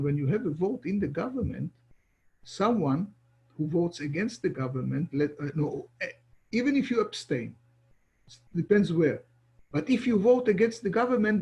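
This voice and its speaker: A man's voice: high voice, darkish tone. A middle-aged man, giving an online lecture as an ambassador, talking with many restarts and repeated words.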